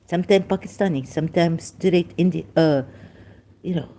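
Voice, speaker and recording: A woman's voice: lowish voice, normal speed, dark tone, a little hiss or hum. A woman with a Persian accent, speaking in broken English, hosts a rambling religious commentary live stream and often halts and interrupts herself.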